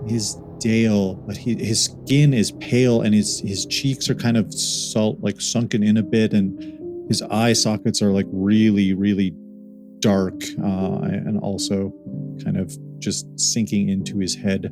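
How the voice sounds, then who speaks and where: A man with a fairly low voice narrates a tabletop game as dungeon master. His delivery is casual and halting, full of fillers, and faint guitar music plays underneath. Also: little pitch movement.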